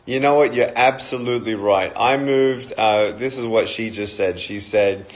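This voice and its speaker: A man with a mixed, hard-to-place accent hosting a casual live stream, reading out and greeting viewers' comments in a slow, upbeat way. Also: fairly low pitch. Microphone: phone or webcam live stream.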